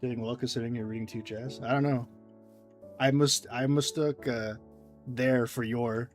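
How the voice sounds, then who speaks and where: A man's voice: mid-range voice, fairly even intonation, moderate pace, faint music behind. Rambling male gaming streamer. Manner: rambling, self-deprecating, reading chat. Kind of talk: casual gameplay commentary.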